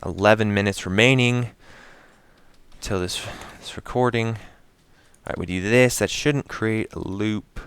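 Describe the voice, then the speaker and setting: A man's voice: on the low side, unhurried, a bit bright, clean tone, no room sound. A man giving casual gameplay commentary while he builds, talking to himself, counting items aloud and explaining each step to his viewers.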